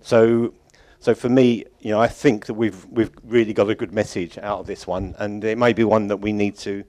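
Rambling, chuckling church leader. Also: male voice, lowish voice, flat delivery, normal speed, a little mellow. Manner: rambling, self-correcting, chuckling often. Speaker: conference organiser addressing congregation. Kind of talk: informal closing address at a church conference.

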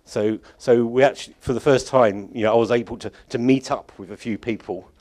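Rambling, chuckling church leader. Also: male voice, medium pitch, fairly even intonation, a little fast, a little mellow. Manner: rambling, self-correcting, chuckling often. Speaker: conference organiser addressing congregation. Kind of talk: informal closing address at a church conference.

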